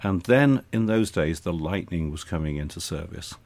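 Deep-voiced older man telling anecdotes. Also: expressive, normal speed, darkish tone. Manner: anecdotal, dry humour. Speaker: interview guest, retired air force officer. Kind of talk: reminiscing in conversation.

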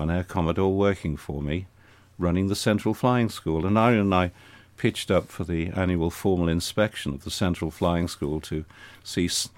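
With no room sound in the recording, an older man who retired from the air force talks conversationally about his early years during an interview. He has a very low voice with a dry tone, and his recollections come as gently wry anecdotes.

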